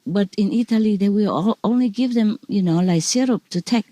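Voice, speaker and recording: Her voice medium in pitch and dark in tone, a woman spiritual teacher talks casually on a video call. She tells stories with frequent laughter, in repetitive, broken, halting non-native phrasing.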